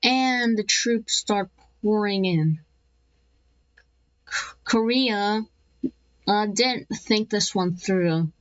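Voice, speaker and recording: Woman, casual map narrator, unhurried and rambling, dry dull home recording. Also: mid-range voice, dry recording. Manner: rambling, self-correcting, slips into playful voiced asides.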